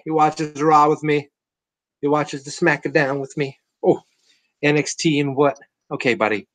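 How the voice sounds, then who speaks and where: A man's voice: a little high, a little slow, pauses often, dry recording, rough recording. A man hosting a live podcast stream from home, rambling casually and joking about being a bit tipsy. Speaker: podcast host. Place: at home with family.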